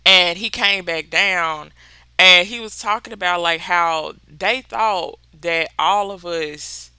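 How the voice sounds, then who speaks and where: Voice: mid-range voice, slow, sharp tone, smooth, dry recording. A podcast host from Mississippi with a Southern accent, talking candidly in a casual solo chat, swearing freely and laughing often. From Mississippi, USA.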